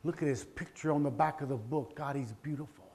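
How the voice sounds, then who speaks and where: Heartfelt middle-aged man telling a personal story. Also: brisk. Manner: heartfelt, dramatic swings between booming and hushed. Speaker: public speaker.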